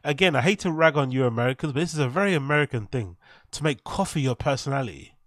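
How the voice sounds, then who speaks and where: English man, young, casual streamer banter, swears a lot, mid-pitched voice, dry close mic. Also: lively intonation, fast talker, dry recording. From England. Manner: chatty, profane, joking, shouts out viewers. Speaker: reaction streamer. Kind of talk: casual live-stream commentary.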